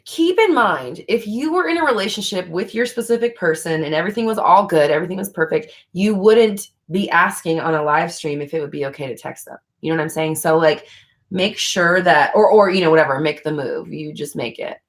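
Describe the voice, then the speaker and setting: A woman's voice: lowish voice, fairly quick. Frank, casual woman livestreaming. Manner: blunt and frank, swears casually, answers viewer questions. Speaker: livestream host. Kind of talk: casual chat.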